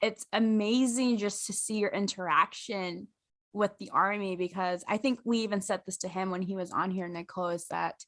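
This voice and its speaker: A woman's voice: medium pitch, steady tone, moderate pace, a bit bright. A woman hosting a casual fan podcast, speaking in an earnest, giggly way. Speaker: podcast host.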